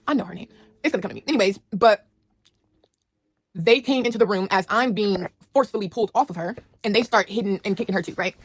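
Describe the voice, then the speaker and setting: A woman's voice: medium pitch, fast, husky, no room sound. Young woman telling a story time. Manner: animated, slangy, talks straight to viewers. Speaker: storyteller vlogger.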